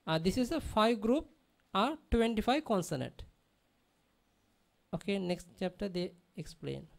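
A woman's voice: mid-range voice, sing-song, a little slow, vocal fry. A woman teaching a language lesson, patiently repeating example words and checking that her students understand. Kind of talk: classroom lesson.

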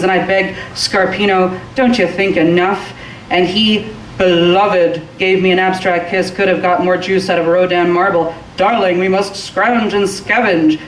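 A woman giving a live reading of a short story, rolling expressively through long rhythmic lists. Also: mid-range voice. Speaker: reader. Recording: roomy and distant from the mic, faint hiss.

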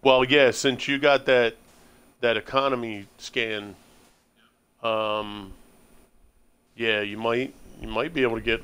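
An American man chats loosely while he builds in a game on a live stream. His voice sits at an ordinary middle pitch, and his talk is relaxed and full of easy laughter. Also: takes it slowly, pauses often, smooth. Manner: relaxed, chatty, laughs often, talks to stream chat. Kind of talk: casual chat while gaming.

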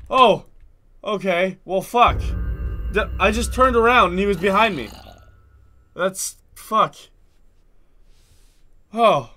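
Young guy w a stuffy nose playing a horror game, high bright voice, mutters low then screams, slow talker. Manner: jumpy, swings from low muttering to sudden screams. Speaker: gaming video host.

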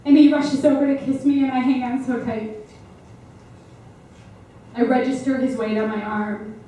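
A young woman, a mother, performing a confessional one-woman stage monologue that moves from exasperated to hushed and tender. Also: high voice, flat delivery, moderate pace, a little hiss or hum. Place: stage or hall. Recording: echoey and from far off.

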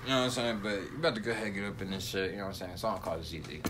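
A young man hosting a reaction video, talking in animated, slangy casual chat. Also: lowish voice, rapid-fire, heavy background noise. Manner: animated, slangy, keeps saying "you know what I'm saying".

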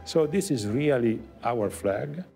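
A man's voice: medium pitch, expressive, slow pace, creaky, dark tone, soft background music. A man with an Italian accent speaking earnestly and proudly, with some joking, in an interview. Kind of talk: casual interview talk.

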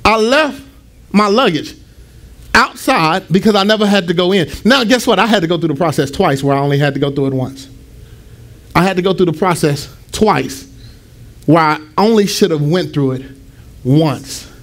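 A male pastor preaching a storytelling sermon, animated, acting out the dialogue in his story. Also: high-pitched, normal speed.

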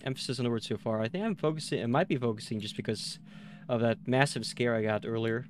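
A man live-streaming a horror game, chatting with his viewers, tired after a night with little sleep, and jumping to loud excitement at the scares. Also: mid-range voice, quick pace, slight background noise.

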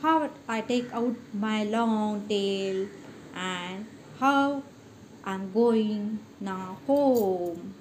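A woman's voice: medium pitch, drawn-out words, a little hiss or hum, low-quality recording. A woman voicing a worried young female rabbit stuck by her tail in a storybook reading. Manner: fretful, pleading.

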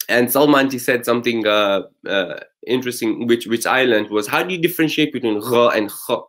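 A man's voice: medium pitch, lively intonation, brisk. A man hosting and teaching, casually summarizing recitation lessons with frequent fillers and restarts. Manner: explains patiently with many fillers and restarts. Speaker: host and Quran recitation teacher.

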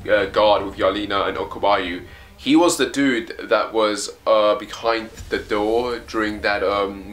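A man's voice: lowish voice, fairly bright tone. A man hosting a casual live reaction, reading a comic aloud and commenting in a chatty, enthusiastic way with hesitations.

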